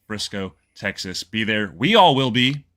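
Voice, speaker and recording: A young man co-hosting a podcast, talking excitedly in casual slang. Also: on the low side, a little slow. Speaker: podcast co-host. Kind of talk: casual chat.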